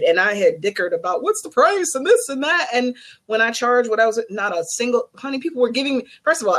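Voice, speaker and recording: A woman who works as a psychic and Reiki master, telling a candid, animated story in a casual group video chat. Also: medium pitch, low-quality recording.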